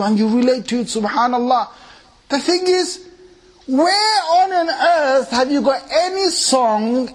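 A man preaching to a large gathering in a lively sermon, quizzing his listeners with rhetorical questions and swinging between loud emphatic bursts and low quiet asides. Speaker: Islamic preacher addressing a gathering. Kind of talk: lively sermon with recitation examples.

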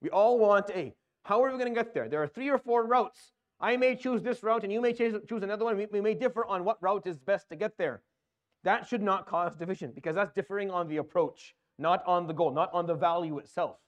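A man's voice: high voice, a little fast, lo-fi sound. A man giving an earnest religious talk, with repetitions and rhetorical questions. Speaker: Islamic preacher.

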